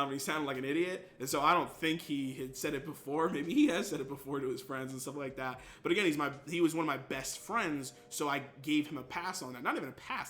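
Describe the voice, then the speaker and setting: A young man with a fairly high, bright, forceful voice chats casually with his stream viewers. He tells stories in an animated way and acts out quoted lines with big leaps in pitch. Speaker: gaming streamer.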